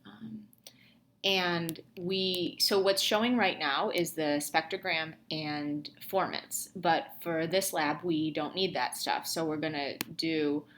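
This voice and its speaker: A woman's voice: deep voice, fairly even intonation, takes it slowly, hardly any pauses, fairly bright tone. A young woman instructor talking through a lab tutorial casually, thinking aloud with many ums and restarts. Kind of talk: screen-recorded lab tutorial.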